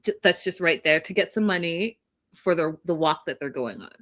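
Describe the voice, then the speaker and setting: A woman co-hosting a casual show recap, telling the story in an animated way and laughing often. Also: fairly low pitch, normal speed. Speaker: co-host.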